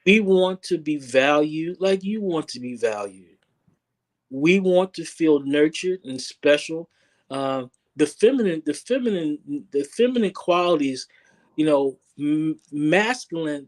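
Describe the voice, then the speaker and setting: A man with a somewhat high voice speaks a little slowly. He's a relationship coach appearing as an interview guest, talking earnestly in a casual way and often repeating words as he thinks.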